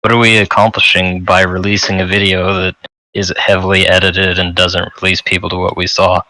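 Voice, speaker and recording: A man's voice: deep voice, completely flat delivery, brisk, pushed and bright, dry recording, poor audio. A man playing a tabletop game, earnestly questioning the group. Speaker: player. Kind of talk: casual tabletop play.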